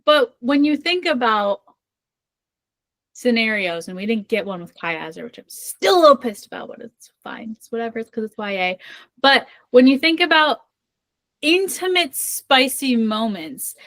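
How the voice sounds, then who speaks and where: A woman's voice: a little high, lively intonation, normal speed, a bit bright, no echo. A young woman co-hosting a book podcast in casual chat, playful and chatty, spinning imagined scenarios with lots of "like" fillers. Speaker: podcast co-host. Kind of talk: casual chat about books.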